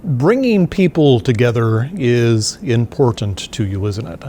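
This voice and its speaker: A man's voice: mid-range voice, lively intonation, measured pace, warm tone. A man interviewing a guest in a conversational, friendly way. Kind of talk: interview questions. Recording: faint background noise.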